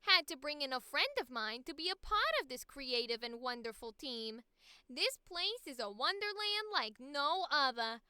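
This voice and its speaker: A woman's voice: high-pitched, animated, normal speed, sharp tone, dry recording, clean studio sound, full character voice. A woman voicing an overly sweet, cheerful female crafts worker with a nasal, giggly, chummy manner in a voice acting audition. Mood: gushing.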